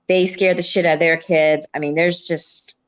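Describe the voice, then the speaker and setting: A woman's voice: on the low side, little pitch movement, moderate pace. An older woman with grandchildren, frankly telling family stories in a casual livestream chat, laughing often.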